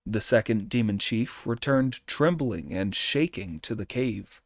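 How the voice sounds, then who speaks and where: Male audiobook narrator, slow and expressive, dry close mic. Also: fairly low pitch, no echo. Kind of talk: audiobook reading.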